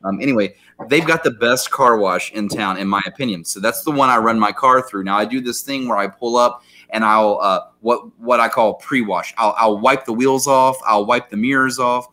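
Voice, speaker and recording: A man's voice: mid-range voice, normal speed, hardly any pauses, pushed and bright. A young adult man co-hosting a podcast, telling a story in a heated, profane rant full of fillers. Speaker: podcast co-host. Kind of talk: casual storytelling chat.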